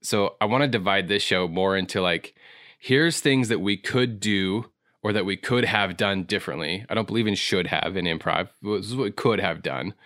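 A man's voice: low-pitched, moderate pace, fairly bright tone, no echo, studio quality. A man hosting an improv podcast in casual chat, talking in a chatty, reflective and self-teasing way.

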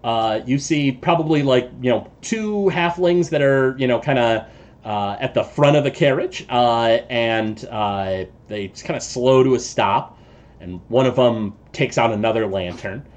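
A man narrating as game master of a tabletop game, halting and full of filler sounds. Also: mid-range voice, muffled recording.

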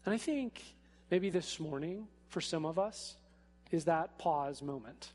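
A man preaching a sermon in a church, speaking in a casual, animated way with frequent fillers. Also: on the high side, unhurried, faint music behind. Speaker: pastor. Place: church sanctuary. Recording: echoey hall.

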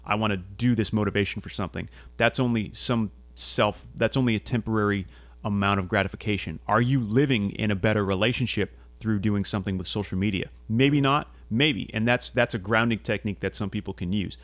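A man with a fairly low voice speaks briskly, with no room sound. He rambles earnestly through a casual podcast monologue, restarting frequently, using fillers, and swearing offhandedly.

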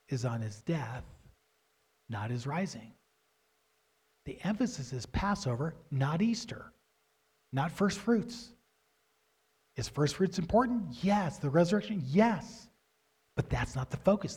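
A man preaching a sermon in a somewhat high voice. He poses questions to his listeners and answers them himself. His stresses grow loud and insistent as he drives each point home. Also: husky. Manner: grows loud and emphatic, rising pitch when stressing points.

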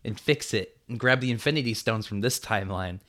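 A man playing in a tabletop game podcast, joking in a deadpan way and quick to argue. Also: fairly low pitch. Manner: deadpan, argumentative. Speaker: player. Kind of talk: casual podcast chat.

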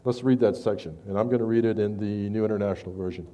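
A man preaching a sermon, conversational with stammered restarts, rising loud when he reads scripture. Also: fairly low pitch, fairly even intonation, quick pace, dull audio.

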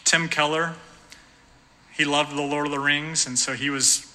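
A man's voice: a little high, steady tone, a little slow, bright, forceful tone. A man preaching a sermon as pastor, earnest and emphatic, building to passionate peaks. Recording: long church hall reverb.

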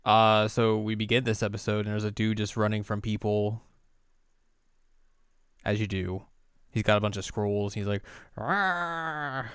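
A man with a smooth, resonant voice hosts a laid-back podcast, recapping an episode with jokes and goofy quoted lines. His voice is recorded close and dry, with no room sound. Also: on the low side, completely flat delivery, moderate pace, pauses often, no room sound. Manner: jokey, slips into silly quoted voices. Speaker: podcast host. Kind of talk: casual recap chat.

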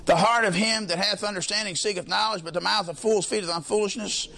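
A man preaching a sermon in a colloquial way, leading call-and-response with the congregation and often swelling into shouts. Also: high voice, fairly even intonation, quick pace, gravelly. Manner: colloquial, peppers lines with "amen", swells into shouts.

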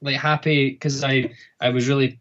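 Halting Scottish man, muffled line. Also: medium pitch, level tone, fairly bright tone. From Scotland. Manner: halting, many restarts. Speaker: bagpipe band member. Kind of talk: casual interview.

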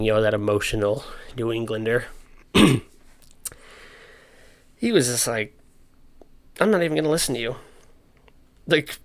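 A man's voice: mid-range voice, fairly bright tone. A young man casually explaining history, with slangy, joking asides. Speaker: history presenter.

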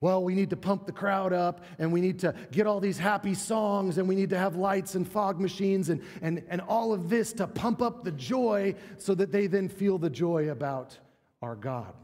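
A man preaching from the pulpit in a lively, emphatic way, doubling words as he drives each point home. His voice sits a little high for a man. Long reverb from the church room hangs behind every phrase. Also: normal speed. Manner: animated, emphatic, repeats words when building a point. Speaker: pastor. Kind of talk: sermon. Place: church sanctuary.

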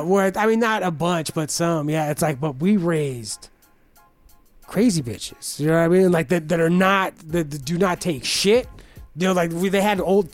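A man's voice: high-pitched, no echo. A young man telling rambling, profane stories in casual chat, full of restarts and fillers. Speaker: podcast guest telling stories.

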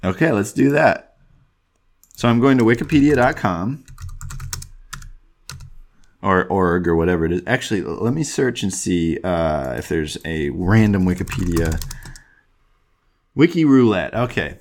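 A man hosting a solo podcast, talking casually from his desk in a lowish voice. He rambles, gets in his own way with restarts and fillers, and pokes fun at himself. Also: expressive, a little slow, pauses often. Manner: rambling, self-deprecating, lots of ums and restarts. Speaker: podcast host.

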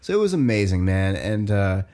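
A man in his thirties co-hosts a podcast, telling a long story in casual conversation. He sounds animated, speaks a little fast in a lowish voice, and fills his talk with "like" and swearing.

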